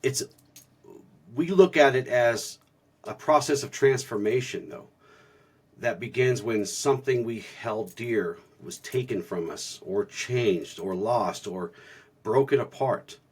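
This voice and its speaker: A man's voice: medium pitch, takes it slowly, slightly rough. A man co-hosting a spiritual podcast, telling stories earnestly and reflectively in a casual way, often restarting his sentences. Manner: earnest storytelling with many restarts. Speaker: podcast co-host.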